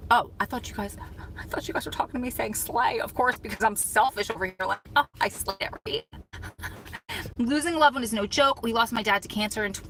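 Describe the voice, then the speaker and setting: A woman's voice: mid-range voice, bright, forceful tone, a little hiss or hum, poor audio. A woman in her thirties hosting a live chat and reading viewer comments, talking in an earnest, heartfelt way. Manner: earnest, heartfelt, talks through tears at times. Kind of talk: emotional casual live chat.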